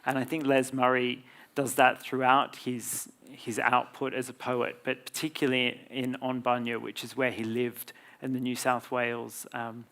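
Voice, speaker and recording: A man's voice: medium pitch, monotone, moderate pace, fairly bright tone. An Australian man, a composer and guest, explaining his work thoughtfully in a live public conversation, with frequent ums.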